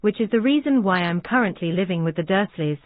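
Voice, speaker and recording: Casting: woman voicing a bitter plotting girl, slow, tinny and dry. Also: mid-range voice, lively intonation, dry recording, close to an everyday voice. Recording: dry, tinny phone-like sound.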